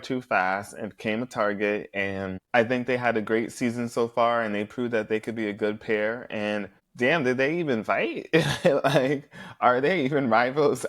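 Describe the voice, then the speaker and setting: A man hosting a podcast, giving a casual, profane recap and acting out contestants' quarrels. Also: mid-range voice. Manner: profane, blunt, acts out contestants' lines. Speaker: podcast host recapping a reality show.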